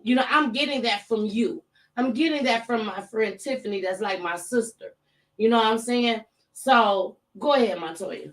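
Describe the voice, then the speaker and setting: A woman's voice: a little high, normal speed. A woman hosting a talk show, chatting casually and laughing often as she tells a story, in a studio. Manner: lively, laughs often while talking. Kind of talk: casual chat.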